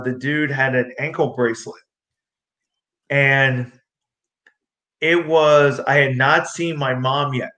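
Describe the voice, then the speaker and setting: A young man telling fight stories in a rambling, excitable way, acting out what people said, as a guest on an interview show. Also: on the high side. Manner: excitable, rambling, acts out quotes. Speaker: guest, amateur street fighter. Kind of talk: casual storytelling interview. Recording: echoey room.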